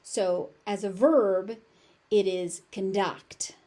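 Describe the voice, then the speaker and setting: Female pronunciation teacher, General American accent, slow and deliberate, repeats each word. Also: mid-range voice, lively intonation, dark tone. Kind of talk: pronunciation lesson with repeated words.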